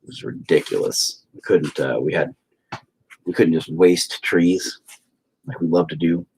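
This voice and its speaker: A man's voice: deep voice, measured pace, creaky, a little mellow, a little hiss or hum, rough recording. A man chatting casually and crudely while he paints, rambling and joking with lots of swearing. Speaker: painter streaming his work.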